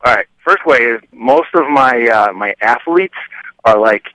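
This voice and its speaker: Laid-back dude giving fitness advice. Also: male voice, mid-range voice, expressive, a little slow, pushed and bright, dry recording, rough recording. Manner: laid-back, says dude and man a lot. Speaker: caller, CrossFit instructor. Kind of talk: casual call-in advice.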